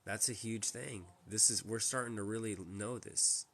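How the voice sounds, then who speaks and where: The man hosting this casual home live stream has a fairly low, slightly bright voice, a steady tone, and a moderate pace. He rambles emphatically and keeps restarting what he says.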